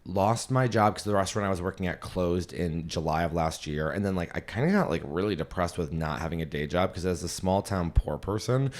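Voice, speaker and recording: Low-voiced young man rambling candidly. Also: fairly quick, few pauses. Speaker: podcast host and comedian. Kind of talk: casual storytelling chat.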